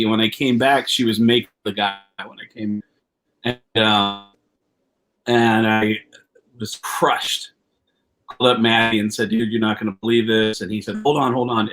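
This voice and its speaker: A comedian telling a long anecdote, animated, swearing freely and jumping into quoted voices, heard over a video call. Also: male voice, medium pitch. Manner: animated storyteller, acts out quotes with raised voice; profane, rambling with many restarts. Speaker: comedian guest. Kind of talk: storytelling anecdote.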